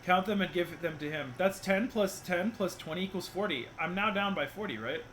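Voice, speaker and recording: Young male streamer, fairly high voice, joking commentary, faint noise. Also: fairly quick, fairly bright tone. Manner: joking, laughs often. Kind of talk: casual game stream commentary.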